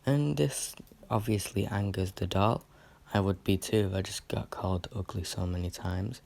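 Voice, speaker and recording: A man's voice: deep voice, moderate pace, gravelly, darkish tone. A British man reviewing a horror film in a casual, rambling way, with lots of fillers and restarts.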